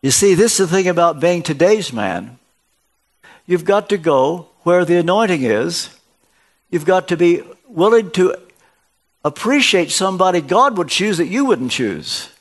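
An older man, guest-preaching a sermon in a church, tells stories and acts out their dialogue by shifting his pitch. His voice swings widely in pitch, and he takes his time.

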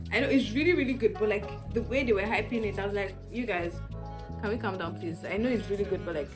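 A young woman vlogging at home, chatting candidly and rambling straight to her viewers. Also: a little high. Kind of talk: casual chatty vlog. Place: indoors at home.

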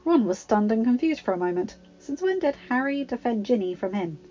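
A woman reading a fan-written story aloud in a steady, plain storytelling manner. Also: fairly high pitch, a little fast. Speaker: fanfiction reader. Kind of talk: audiobook narration. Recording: slightly dull home recording.

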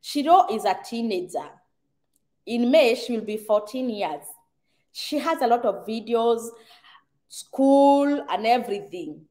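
Kenyan woman, middle-aged, live-stream host; slightly high voice, chatty, quick to laugh, drops in Swahili phrases. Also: lively intonation, warm tone. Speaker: livestream host reading viewer comments. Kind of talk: casual live chat.

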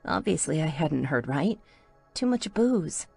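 A woman's voice: deep voice, sing-song, a little slow, vocal fry, darkish tone, slightly rough, no echo, soft background music. A woman reading a first-person audiobook in an intimate storytelling manner. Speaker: audiobook narrator.

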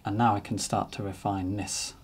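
A man narrating a painting demonstration as he works, relaxed and thinking aloud. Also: lowish voice, moderate pace, husky. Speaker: painting teacher.

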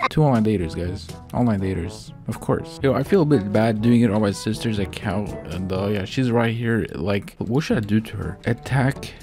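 A man's voice: on the low side, moderate pace, few pauses, over music. A man giving rambling, casual gameplay commentary, full of slang and swearing. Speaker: gaming video creator.

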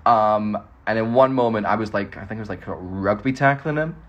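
Husky-voiced Scottish man, chatty. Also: lowish voice, normal speed, lo-fi sound. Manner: chatty, rambling, laughs often. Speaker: actor answering fan questions. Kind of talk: casual livestream Q&A. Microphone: phone livestream.

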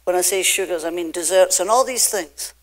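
An older woman from Scotland with a Scottish accent, preaching a sermon from a church pulpit with emphatic, drawn-out phrases that swing between loud and soft. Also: lowish voice. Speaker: pastor.

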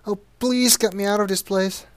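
A man doing a breathy, pleading young woman. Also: sits high, fairly even intonation, normal speed, no room sound, pitched above the performer's own voice, natural voice.

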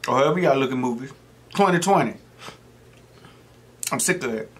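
A middle-aged man talks casually into the camera while he eats, drifting from one joking story to the next. His voice sits at an ordinary pitch, neither high nor low, and he keeps an easygoing, rambling flow. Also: lively intonation, moderate pace. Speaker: mukbang host. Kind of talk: casual chat while eating.

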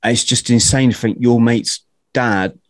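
A man hosting a podcast interview, talking casually in halting bursts with many restarts. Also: mid-range voice, fairly even intonation, no echo. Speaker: podcast host.

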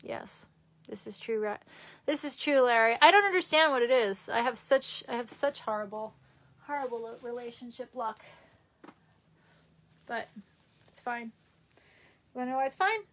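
A young woman with a high voice rambles through a casual live stream. She chats loosely and reads viewer comments aloud from a room in her parents' house. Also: moderate pace, pauses often, a bit bright.

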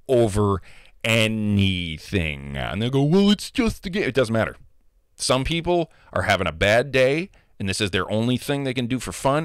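A man's voice: on the low side, a bit bright, no echo, studio quality. A man, a gamer, ranting casually and heatedly about online trolls, profane and emphatic. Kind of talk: casual rant.

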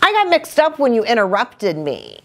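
A woman voicing a stubborn, defensive young fish in a children's storybook reading, high and insistent. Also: big pitch swings, slow pace.

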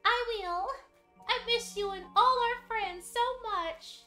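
A woman voicing a sweet, gentle female cartoon mouse who sounds lost and longing, reading game dialogue aloud in character. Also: echoey room, soft background music, heavily acted. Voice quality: soft, tiny high-pitched voice. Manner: slow, wistful and tender.

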